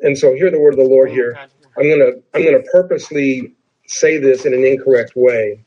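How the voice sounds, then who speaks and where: A man preaching a sermon in a conversational way, explaining a text and then slowing down to read scripture aloud with emphasis. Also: mid-range voice, steady tone, darkish tone, husky, lo-fi sound. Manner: conversational, explains and repeats points. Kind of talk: sermon, Bible teaching.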